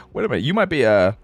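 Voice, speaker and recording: A man's voice: mid-range voice, no room sound. A young man hosting a livestream, joking and greeting his chat by name in a playful, casual way. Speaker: streamer host.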